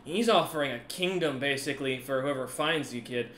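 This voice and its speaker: A man's voice: mid-range voice, fairly quick, fairly bright tone, reverberant, slight background noise, close to an everyday voice. A man voicing a chatty, eager noblewoman who trails off with ums, in a tabletop game. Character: friendly woman noble, chatty sister.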